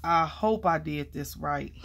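A woman vlogging casually while mounting stamps, chatty and excitable, calling viewers y'all and honey, and dropping to quiet murmurs as she works. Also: low voice, measured pace, gravelly. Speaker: crafting vlogger. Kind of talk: casual chat while crafting.

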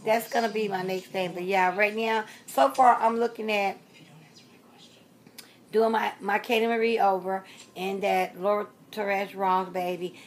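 A woman's voice: mid-range voice, level tone, measured pace. Chatty woman in her sixties, rambling. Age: 60s. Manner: chatty, repeats herself, trails off with fillers. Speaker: reborn doll collector vlogger. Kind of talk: casual rambling vlog talk.

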